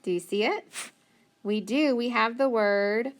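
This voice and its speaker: Patient woman teaching phonics slowly. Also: medium pitch, clear, resonant tone. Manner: slow, patient sounding-out of words. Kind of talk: phonics lesson for young children.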